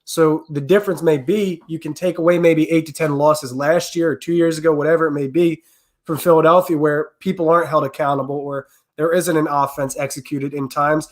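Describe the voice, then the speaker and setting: A man co-hosting a sports podcast who explains his points in a steady, casual way. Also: fairly high pitch, a little fast. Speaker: podcast co-host.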